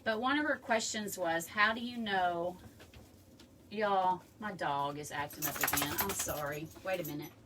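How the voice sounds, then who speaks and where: A woman's voice: lowish voice, moderate pace. A woman hosting a casual live craft tutorial, chatting and rambling with friendly asides to her viewers from her home. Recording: room mic from a distance, faint background noise.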